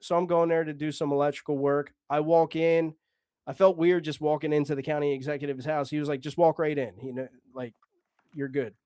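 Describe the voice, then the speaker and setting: A man's voice: on the high side, flat delivery, brisk, mellow, clear, resonant tone, no room sound, clean studio sound. A man telling a long story casually, rambling, swearing and acting out the dialogue.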